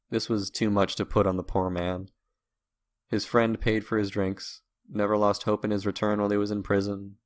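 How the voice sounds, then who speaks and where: A man reading a story aloud in a measured, even way. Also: on the low side. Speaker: narrator. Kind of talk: scripted story narration.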